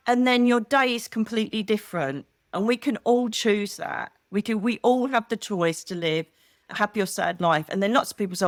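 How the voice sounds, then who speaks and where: A middle-aged British woman, a psychic medium, chats casually as an interview guest, animatedly telling stories and acting out the voices she quotes. Her voice is a little high and lively at a normal speed, recorded in studio quality with no echo.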